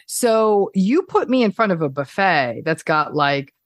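Low-voiced woman psychologist, animated. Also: a little slow, no echo, studio quality. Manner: animated, playful, acts out examples. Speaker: clinical psychologist guest. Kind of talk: casual podcast conversation.

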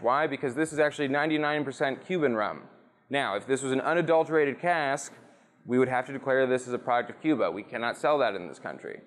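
A man with a smooth, resonant voice and mid-range pitch, talking through a long story in an easygoing, foul-mouthed way. He is a guest being interviewed, recorded at a bar. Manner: loose, profane and chatty, with many fillers. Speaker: guest, rum brand representative. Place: rum bar.

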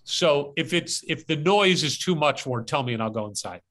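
A man's voice: fairly high pitch, animated, normal speed, a bit bright. A man hosting a podcast, telling a casual story outdoors and animatedly acting out his own part. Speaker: podcast host. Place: outdoors as rain starts.

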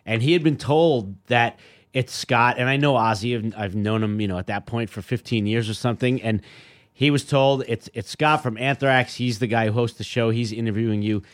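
Middle-aged guy on a podcast, spinning a story, mid-pitch, acts out the quotes. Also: normal speed. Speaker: podcast guest. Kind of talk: casual storytelling chat.

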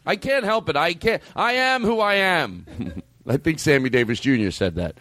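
A man who is a comedian and podcast host, chatting casually and rambling with loose asides and sudden jumps up in pitch. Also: lively intonation, fairly bright tone. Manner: loose, rambling, quick swings up in pitch when riled. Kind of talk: casual chat.

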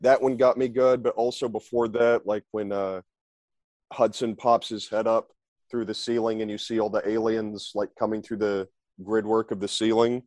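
A man's voice: fairly low pitch, flat delivery, moderate pace, darkish tone, no room sound. A man in his forties, a podcast guest chatting casually over a remote call and joking in silly voices. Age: 40s. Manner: rambling, acts out silly voices for jokes. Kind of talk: casual chat.

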